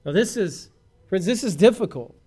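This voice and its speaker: High-voiced preaching man. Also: animated, moderate pace, darkish tone, husky. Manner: preaching, rising to impassioned crescendos; asks the congregation questions directly. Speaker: pastor. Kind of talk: sermon.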